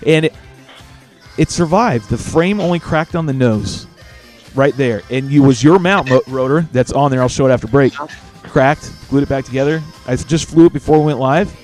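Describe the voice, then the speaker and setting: A man hosting a casual live show, telling stories animatedly and swearing freely. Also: medium pitch. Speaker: show host.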